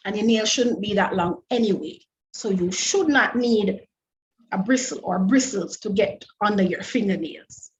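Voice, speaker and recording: Captured muffled on a webinar microphone with slight background noise, a woman of medium pitch presents an online lecture about food safety. Careful and deliberate, she repeatedly restarts phrases and asks her audience numerous rhetorical questions.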